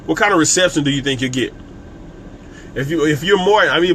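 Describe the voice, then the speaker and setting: A man's voice: on the high side, quick pace, fairly bright tone, a little hiss or hum. A man coaching on business during a live stream, emphatic and repetitive, talking casually and straight to his viewers. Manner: casual and conversational, with frequent restarts. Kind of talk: live-streamed motivational talk.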